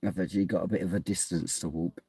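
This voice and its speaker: A man's voice: low voice, fairly even intonation, fast talker, dark tone, slightly rough, no room sound. A man chatting casually to his phone camera from inside a parked car at night, in a wry, mumbling way. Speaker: vlogger.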